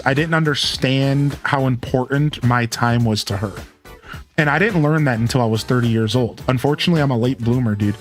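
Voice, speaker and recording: A man in his thirties chats casually on his live game stream. He tells candid, rambling stories with many restarts, in a middle-pitched voice. Quiet game music plays underneath him. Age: 30s. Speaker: live streamer and show host. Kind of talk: casual chat while playing a game on stream.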